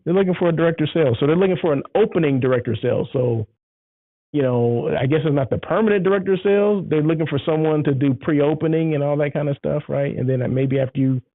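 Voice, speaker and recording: A man's voice: a little high, quick pace, no room sound. A man hosting his own show, chatting casually and enthusiastically, rambling and repeating himself. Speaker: show host. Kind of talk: casual solo show chat. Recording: tinny phone-like sound.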